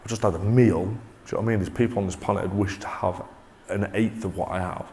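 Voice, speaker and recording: A man presenting a motivational talk to a live audience, energetic and coaxing, often restarting mid-sentence. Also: low voice, fast. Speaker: corporate presenter.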